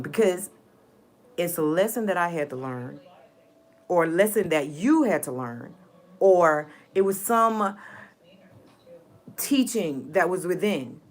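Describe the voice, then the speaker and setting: A woman's voice: fairly low pitch, expressive, slow, long pauses. A woman talking to her viewers in a heartfelt, rambling way, repeating herself for emphasis. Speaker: vlogger. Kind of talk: casual personal vlog.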